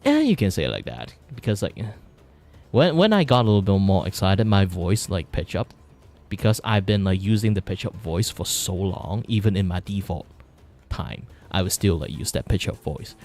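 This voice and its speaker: A man's voice: deep voice, animated, normal speed, a little mellow, soft background music. A man from Malaysia with a Malaysian English accent, chatting casually on his livestream in a rambling, filler-heavy way. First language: Mandarin. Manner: rambling, filler-heavy, shifts voice register to demonstrate. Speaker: vtuber streamer. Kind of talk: casual livestream chat while drawing.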